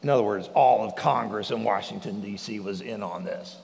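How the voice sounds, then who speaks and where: A male pastor preaching a sermon in a lively way, acting out the lines of the scripture. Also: on the low side, a little fast, gravelly, big-room sound. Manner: animated preaching, acts out the speakers in the scripture.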